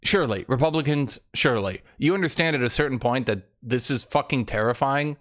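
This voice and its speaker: A man's voice: mid-range voice, a little fast. A young man commenting on a live stream, reading out documents to his chat with heavy sarcasm, exasperation and frequent swearing.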